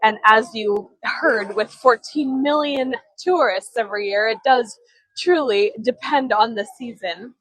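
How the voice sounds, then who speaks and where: A woman's voice: on the high side, measured pace, fairly bright tone, no room sound, low-quality recording. A woman from Chicago, leading a live-streamed walking tour outdoors on city streets, chatty and giggly, with storytelling asides. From Chicago, USA. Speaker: tour guide.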